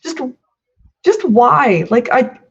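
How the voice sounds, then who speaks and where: High-voiced woman, near tears, pleading. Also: big pitch swings, slow pace, creaky, husky. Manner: pleading, hurt. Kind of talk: emotional personal address. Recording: dull lo-fi clip audio.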